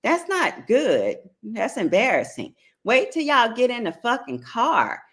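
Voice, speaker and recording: A woman's voice: a little high, wildly swooping pitch, a little slow, a bit bright. A middle-aged woman with an African American Vernacular English accent, hosting a casual advice talk, blunt and profane, checking in with her listeners. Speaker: host giving relationship advice.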